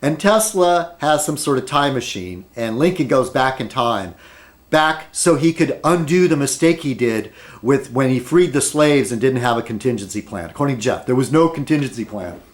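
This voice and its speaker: A man's voice: mid-range voice, animated, moderate pace. A man rambling at his desk in an opinion video blog, arguing with many rhetorical questions and fillers. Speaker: video blogger.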